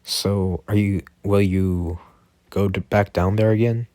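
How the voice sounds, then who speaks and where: Nezu, a calm school head, told by a man. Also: measured pace, no room sound. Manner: low-key, hesitant, with many fillers. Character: calm, persuasive male head of a school and defense force. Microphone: Discord voice chat.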